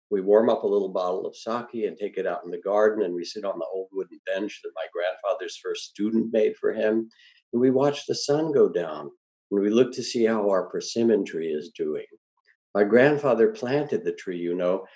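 A man's voice: low voice, mellow, rough recording. A man voicing a cheerful tiny old Japanese man in his seventies who talks lightly and with delight.

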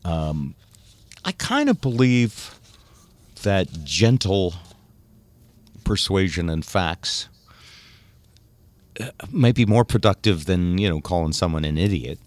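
A man's voice: low-pitched, big pitch swings, slow, pauses often. A man hosting a casual talk show, chatty and steering the topics. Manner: chatty, steers topics, thinks aloud with fillers. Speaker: host.

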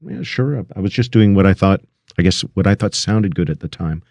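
A middle-aged man with a very deep, low voice recounts his early days as a recording engineer. He talks in a halting way, full of restarts and fillers. The sound is dry and close, with no room around it. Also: fairly even intonation, a little mellow, no echo, muffled recording. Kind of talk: storytelling interview.

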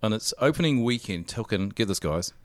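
Deep-voiced teasing radio host, man. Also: lively intonation, fairly quick, no room sound. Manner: teasing, jokey. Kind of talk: casual radio banter. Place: radio studio.

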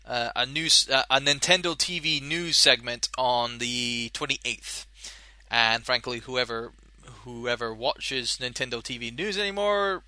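A young man hosting a casual solo podcast, rambling and animated, swearing casually and laughing at his own jokes. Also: mid-range voice, no room sound. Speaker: podcast host.

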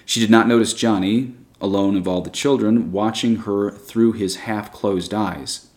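A man with a fairly low voice reads a story aloud. His narration is measured and even, with a steady storytelling pace. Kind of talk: storybook reading.

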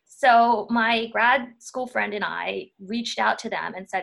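A woman, a historian talking through her path in a relaxed interview, pausing and restarting as she thinks. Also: a little high, creaky. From Louisiana. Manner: thoughtful, frequent restarts and fillers. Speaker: historian guest. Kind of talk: casual interview talk.

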